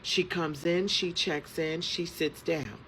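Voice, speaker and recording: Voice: mid-range voice, fairly even intonation, slow pace, pushed and bright, rough recording. A receptionist recounting a workplace storytime in a sassy, emphatic voice. There is a faint background hiss in the recording. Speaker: front desk receptionist. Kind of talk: storytime video.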